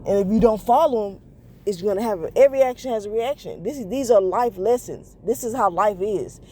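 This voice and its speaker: A woman's voice: medium pitch, lively intonation, fairly quick, warm tone. A woman hosting a podcast in a casual confessional monologue, rambling and correcting herself with lots of fillers. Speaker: podcast host.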